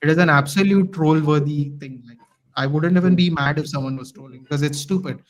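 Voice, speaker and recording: Male podcast guest, fired-up casual rant, slightly higher voice. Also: fairly quick, poor audio. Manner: animated ranting. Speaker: guest fan commentator.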